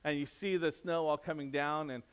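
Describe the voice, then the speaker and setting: A man preaching a sermon in a conversational way, climbing to loud, emphatic peaks and dropping to soft, low passages. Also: fairly even intonation, normal speed, clear, resonant tone. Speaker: pastor.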